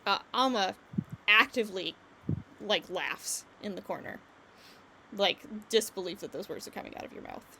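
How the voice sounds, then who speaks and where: A woman's voice: medium pitch, expressive, moderate pace, vocal fry, background noise. Woman game master narrating casually. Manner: hesitant fillers, casual narration.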